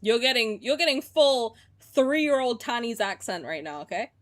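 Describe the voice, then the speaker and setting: A woman's voice: fairly high pitch, sing-song, moderate pace. A young woman streamer chatting casually while playing, sarcastic and swearing freely. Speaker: game streamer. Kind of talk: casual gameplay commentary.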